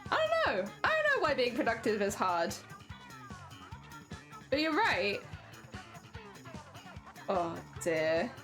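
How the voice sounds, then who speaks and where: A woman's voice: on the high side, a bit bright. A British woman chatting casually on a live stream, playful and giggly as she reads and answers chat. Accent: British English. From Britain.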